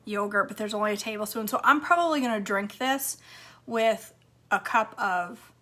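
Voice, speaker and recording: A woman's voice: mid-range voice, normal speed, a bit bright. A woman vlogging casually from her home kitchen, chatting to viewers and her dog as she cooks. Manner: chatty, talks to her dog between steps. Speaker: cooking vlogger.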